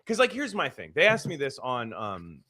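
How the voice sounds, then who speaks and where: A man's voice: medium pitch, huge pitch swings, normal speed, bright, forceful tone. A man co-hosting a podcast, rambling through stories in casual chat and swearing freely. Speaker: podcast co-host.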